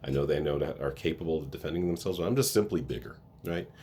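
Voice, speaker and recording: A school staff member talks earnestly and emotionally in a casual vlog, often restarting his sentences. His voice is extremely low-pitched and warm, quick-paced, with slight background noise.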